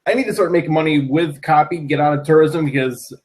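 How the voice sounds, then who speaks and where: A man interviewing in a casual chat, asking long, halting questions. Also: a little high. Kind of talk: casual conversation.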